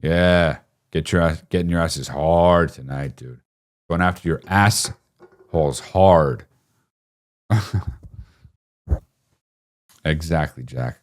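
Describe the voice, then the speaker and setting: A man's voice: a bass voice, takes it slowly, long pauses. A man hosting a live stream, telling a rambling, profane childhood story to his chat, laughing often and mocking himself.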